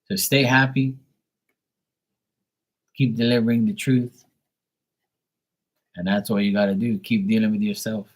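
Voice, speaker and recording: A man hosting a casual live tarot reading, affectionate and encouraging, reading card messages slowly into a phone. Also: on the low side, flat delivery. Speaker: live tarot card reader, stream host.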